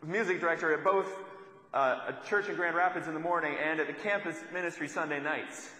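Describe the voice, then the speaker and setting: A man's voice: a little high, bright, forceful tone, echoey room, in a large hall, low-quality recording. A young adult man giving a sermon, telling a story in a conversational way and repeating lines for emphasis. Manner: storytelling, conversational with rhetorical repetition. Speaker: preacher.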